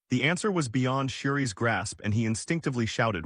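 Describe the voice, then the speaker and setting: A man narrating a story recap in a steady, even scripted reading. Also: medium pitch, fairly quick, few pauses, no room sound, clean studio sound.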